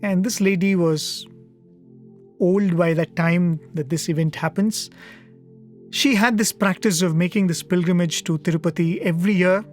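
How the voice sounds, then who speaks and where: A man with a somewhat raised pitch tells a devotional story at a satsang, earnest and reflective. He pauses often and leans on small fillers as he goes. Faint music sits far behind his studio-recorded voice. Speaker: satsang speaker. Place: media centre studio.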